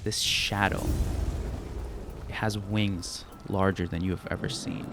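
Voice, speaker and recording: A man's voice: deep voice, little pitch movement, a little slow, music in the background. A man narrating as game master, describing scenes in detail and sometimes repeating words as he thinks.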